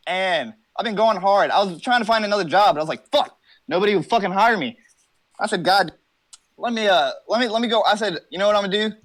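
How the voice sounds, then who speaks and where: Brash and full of profanity, a young man rambles through comic boasts and jokes while sitting in his car for an interview. He has a high-pitched voice with a fairly bright tone.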